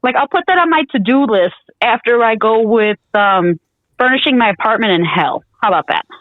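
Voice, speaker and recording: A woman's voice: on the high side, animated, fairly quick, no room sound, narrow, tinny audio. A woman guest in a casual podcast chat, sarcastic and swearing freely.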